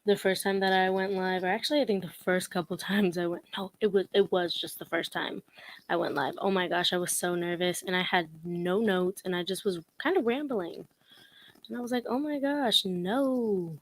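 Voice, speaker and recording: A woman's voice: fairly low pitch, steady tone, brisk. A young woman vlogging casual commentary, sassy and blunt, laughing often as she mocks.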